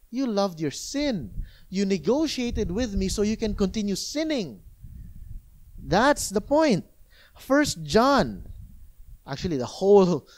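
A male pastor preaching a sermon in an animated, conversational way, often asking rhetorical questions. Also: high-pitched. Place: church.

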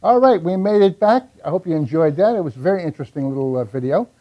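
A man hosting a live show, introducing the next act in a loose, halting way. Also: fairly high pitch, expressive, dull audio. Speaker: host.

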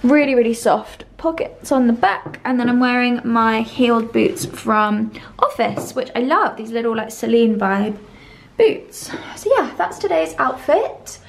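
A young woman, gushing and chatty as she vlogs. Her voice sits a little high, with a slightly breathless, excited edge. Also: moderate pace, few pauses, slight background noise. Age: 20s. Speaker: lifestyle vlogger. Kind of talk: casual vlog tour and outfit chat.

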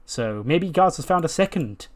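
A man's voice: a little high, animated, moderate pace. Guy hosting a lets-play, retelling storylines, laid-back chatter. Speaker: let's-play host. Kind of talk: casual game commentary and narration.

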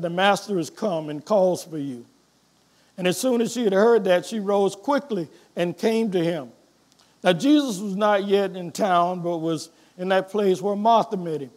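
A man preaching a sermon as pastor, reading scripture aloud and swinging between quiet reflection and loud emphasis. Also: sits high.

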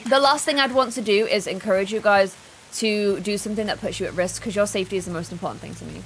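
A woman's voice: mid-range voice, quick pace, a bit bright, faint music behind. A woman streaming a game live, chatting casually, reading in-game notes aloud and greeting viewers in chat. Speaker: gaming streamer.

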